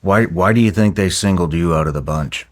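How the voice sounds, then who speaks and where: Deep-voiced man asking questions. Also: fairly quick. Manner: short reactions, stammering questions. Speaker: host. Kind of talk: interview questions.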